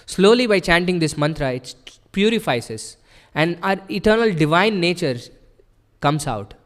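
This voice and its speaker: Man, temple sermon, fairly high voice, earnest and explanatory, long echoing hall. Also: animated, normal speed. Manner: earnest, explanatory, with frequent rhetorical "right?". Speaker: temple speaker. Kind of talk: devotional sermon.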